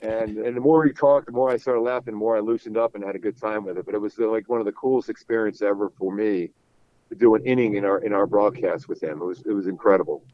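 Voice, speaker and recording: A middle-aged man from Philadelphia, a baseball broadcaster guesting on an interview, telling stories in an animated way and repeating words as he gets going. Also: lowish voice, fast talker, no echo. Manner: animated storyteller, repeats words when excited. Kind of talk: casual interview chat. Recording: dull, slightly lo-fi dry sound.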